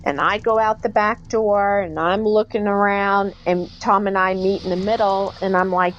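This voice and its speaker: A woman guest on a podcast, recounting a haunting in an animated way and acting out the dialogue she quotes. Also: medium pitch, normal speed, hardly any pauses, dull audio. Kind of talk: podcast interview storytelling.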